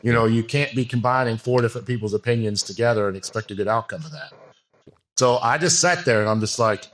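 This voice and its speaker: A man's voice: mid-range voice, expressive, quick pace, fairly bright tone. A man talking as a podcast guest, telling a frank, rambling story full of fillers and restarts. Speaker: podcast guest, bodybuilding coach. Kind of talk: casual interview talk.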